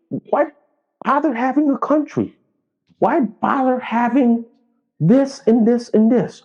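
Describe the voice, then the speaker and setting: A man's voice: high-pitched, warm tone. A man hosting a political commentary show, ranting angrily and profanely with repeated rhetorical questions. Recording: dull lo-fi recording.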